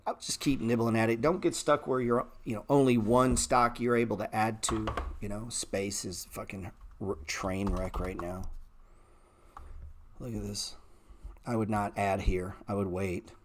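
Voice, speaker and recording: A middle-aged man hosting a stock trading livestream, talking bluntly and sarcastically with swearing, and jumping into animated, louder rants. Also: unhurried, a little hiss or hum. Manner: animated rants that jump in pitch and volume. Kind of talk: casual livestream chat.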